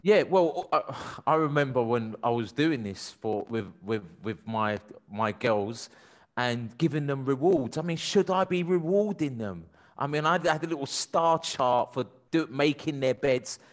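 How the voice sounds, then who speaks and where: Chatty male host, lively pitch. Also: a little slow. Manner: chatty, exasperated anecdotes, lots of restarts. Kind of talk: casual panel chat.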